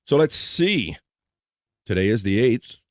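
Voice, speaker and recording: A podcast host with a slight Mid-Atlantic American twang chats casually on a live show, restarting sentences as he goes. His fairly low, darkish voice moves slowly with big pitch swings, recorded clean in a studio with no room sound.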